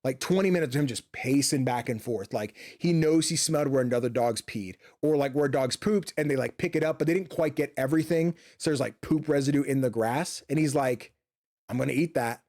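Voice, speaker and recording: A man's voice: mid-range voice, brisk, few pauses, a little mellow. Rambling, profane male gaming streamer. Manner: rambling, profane, many fillers and restarts. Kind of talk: casual chat while streaming a game. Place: home office.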